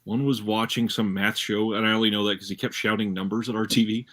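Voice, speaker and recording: A married man co-hosting a casual film podcast, telling relaxed stories about home. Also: fairly low pitch, fast talker. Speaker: podcast co-host. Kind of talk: casual chat.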